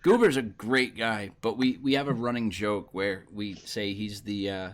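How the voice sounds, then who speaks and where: A man with a lowish voice hosts a casual podcast chat. He sounds easygoing and agreeable, and he pauses often on small fillers as he talks.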